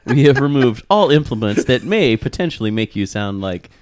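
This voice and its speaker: Smooth-voiced male podcast co-host. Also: mid-range voice, sing-song, normal speed, a little mellow, dry recording, studio quality. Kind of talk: casual chat.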